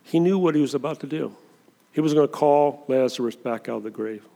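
Gravelly-voiced man preaching a sermon. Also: medium pitch, fairly quick, dark tone, long reverb tail. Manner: conversational preaching, dramatic voices when quoting scripture. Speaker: pastor.

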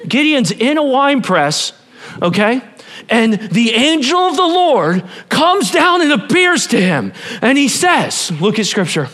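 A man preaching a sermon to a church congregation, animated and playful, talking straight to the people in front of him. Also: extremely high pitch, a little slow. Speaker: pastor.

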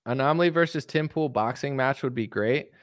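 A man's voice: medium pitch, a little fast, dry recording, clean studio sound. A man hosting a livestream, ranting casually about politics in a boastful, combative, sarcastic way. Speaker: livestream host.

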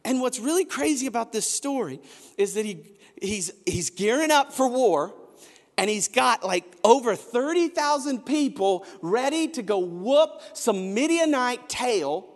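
Pastor, male, high animated delivery, storytelling sermon with shouted peaks, long hall reverb. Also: a little slow. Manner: storytelling, building to shouted emphasis.

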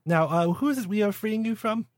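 A man's voice: high voice, expressive, brisk, no echo, studio quality. A man playing a tabletop game and voicing his paladin with polite, courtly banter. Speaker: player. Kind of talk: in-character tabletop role-play.

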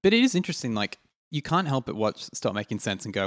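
A man's voice: mid-range voice, sing-song, fast talker, no room sound, clean studio sound. A man co-hosting a casual chat, hesitant and searching for words. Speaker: podcast co-host.

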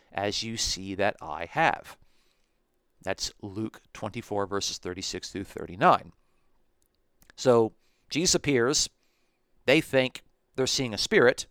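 A man hosting a podcast, reading Bible verses aloud and explaining them in a measured way, slowing down to stress key phrases. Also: mid-range voice, fairly bright tone, clean tone, no echo, studio quality. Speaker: podcast host teaching on scripture.

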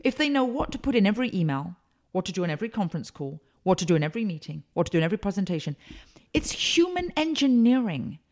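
A woman consultant and speaker, telling emphatic, animated stories as a guest in a podcast interview. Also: medium pitch, fast.

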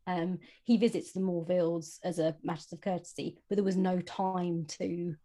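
A woman co-host on a casual book podcast, thoughtful and hesitant, often circling back to rephrase. Her voice is on the low side for a woman. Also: steady tone, moderate pace, mellow. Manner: hesitant, many fillers and restarts, thoughtful.

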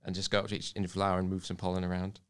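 A man's voice: low voice, monotone, rapid-fire, clear, resonant tone. A man in casual chat, explaining things at length and sprinkling his sentences with "like". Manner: explaining, filler-heavy with frequent "like".

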